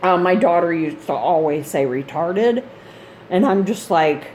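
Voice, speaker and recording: A woman's voice: fairly low pitch, expressive, unhurried, darkish tone, a little hiss or hum. A woman, a mother of grown kids, chatting in a rambling, casual vlog style about gaming gear, laughing often. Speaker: gaming channel host.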